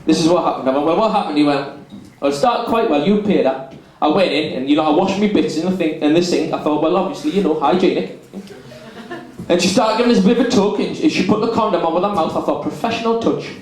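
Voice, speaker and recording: A man's voice: a little high, fast talker, a little mellow. A young man doing crude, blunt stand-up storytelling on a club stage, acting out the dialogue. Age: young adult. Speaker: stand-up comedian. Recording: very echoey club room.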